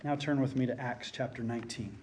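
A man preaching an expository sermon and reading scripture aloud. He talks emphatically, slowing down and dropping nearly to silence to stress a point. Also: medium pitch, steady tone, darkish tone. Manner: emphatic, slows down and drops to near silence for stress.

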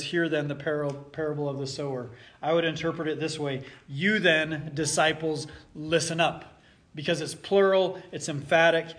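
Man, pastor, sermon, deliberate, emphatic, unhurried, a bit high-pitched. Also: a bit bright. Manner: earnest, deliberate preaching with emphatic phrasing.

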